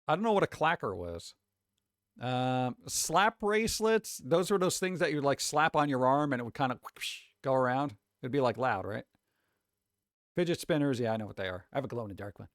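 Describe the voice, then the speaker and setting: A man's voice: mid-range voice, animated, a little fast, fairly bright tone, dry recording, clean studio sound. A man chatting casually on a live stream, rambling and swearing as he reacts to posts, with frequent restarts. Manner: loose, profane, rambling with restarts.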